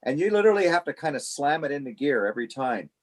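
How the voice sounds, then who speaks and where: A man telling a story on a casual podcast, animated and laughing as he goes. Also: fairly high pitch, fast talker.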